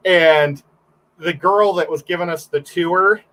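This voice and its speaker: A man's voice: fairly high pitch, unhurried, bright, forceful tone, poor audio. Man with a raised voice telling rambling stories. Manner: rambling storyteller, full of restarts and fillers. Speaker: guest on a livestream; photographer. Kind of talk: casual chat.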